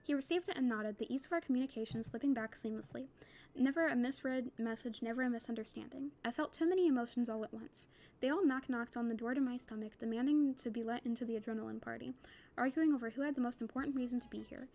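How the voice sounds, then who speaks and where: A young woman reading a novel aloud for a book club, quick and casual, with chatty asides. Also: on the high side, a little mellow.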